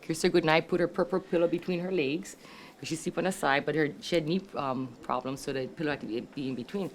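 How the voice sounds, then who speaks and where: An older woman in her sixties with a Hawaii local English accent tells family memories in a relaxed, chatty way. She laughs often and slips into her relatives' voices as she goes. Her voice sits on the low side, with a faint hum of background noise. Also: quick pace. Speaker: family member sharing memories. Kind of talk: casual storytelling. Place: family reunion gathering.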